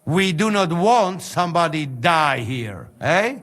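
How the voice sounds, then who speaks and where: A man's voice: a little high, very animated, takes it slowly, a bit bright, full character voice. An actor playing a blunt male mercenary with a Slovak accent, speaking broken English in a game cutscene.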